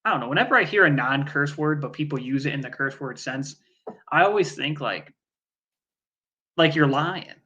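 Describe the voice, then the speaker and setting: A man's voice: fairly high pitch, expressive, normal speed, bright, forceful tone, dull audio. A man co-hosting a fantasy football podcast, joking and blunt in casual chat, swearing freely. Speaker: podcast co-host.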